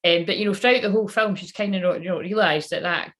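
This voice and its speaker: A woman's voice: lowish voice, quick pace, fairly bright tone. A woman who works as a spiritual channeler, rambling casually on a live stream, swearing freely and talking straight to her viewers.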